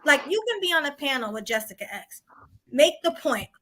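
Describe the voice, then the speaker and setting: A woman's voice: sits high, big pitch swings, a little fast, heavy background noise. A woman co-hosting a casual live-stream chat, playful and teasing as she hypes the chat. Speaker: co-host.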